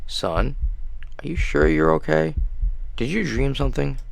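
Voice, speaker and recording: A man voicing a gentle middle-aged mother back from the grave, soft, doting and eerily calm, in a horror game. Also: a little high, measured pace, creaky, voice pushed up.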